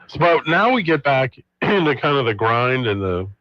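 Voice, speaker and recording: A middle-aged man talks on a radio show in a relaxed, rambling way, chuckling often and letting sentences trail off. The sound is dull and dry, like a small radio studio. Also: medium pitch, normal speed, no room sound. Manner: easygoing, laughs often, trails off mid-sentence. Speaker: radio co-host. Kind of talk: casual radio chat.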